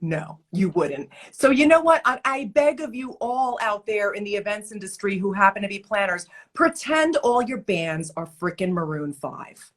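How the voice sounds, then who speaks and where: A woman speaking over a video call in a mid-pitched voice. She tells stories emphatically, with exasperated asides. It is a casual interview chat. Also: moderate pace. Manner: animated storyteller, emphatic and exasperated. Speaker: guest, event entertainer and author. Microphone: remote video call.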